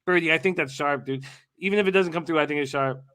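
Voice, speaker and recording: A man's voice: fairly high pitch, fast talker, sharp tone, clear, resonant tone. A young man co-hosting a live betting watch party in casual chat, rambling with many fillers and restarts.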